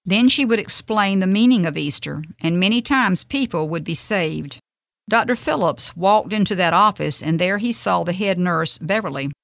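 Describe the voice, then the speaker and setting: A woman hosting a radio devotional, reading a faith story in an earnest, gentle, measured way. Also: lowish voice, animated, creaky, dry recording, clean studio sound.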